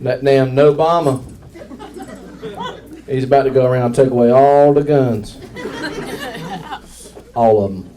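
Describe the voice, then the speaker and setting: A man's voice: medium pitch, steady tone, a little slow, long pauses, crowd noise. Man doing stand-up, from afar. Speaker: stand-up comedian. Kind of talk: stand-up set. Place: comedy club stage before a laughing crowd. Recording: distant mic in a noisy crowded club.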